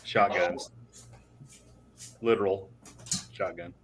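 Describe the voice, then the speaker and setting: A man chatting in a relaxed way as a guest on a casual livestream, heard over a video call. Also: low voice, slow pace, breathy edge.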